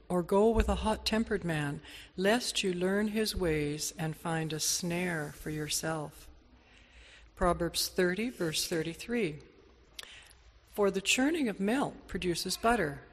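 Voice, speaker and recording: A woman reading scripture aloud in church in a measured, careful way. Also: fairly low pitch, long reverb tail. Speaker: scripture reader. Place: church sanctuary.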